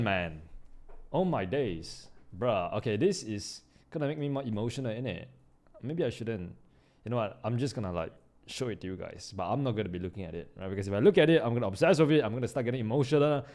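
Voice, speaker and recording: A man giving live trading commentary, slangy and excitable, jumping from loud hype down to low mutters. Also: brisk. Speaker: trading YouTuber.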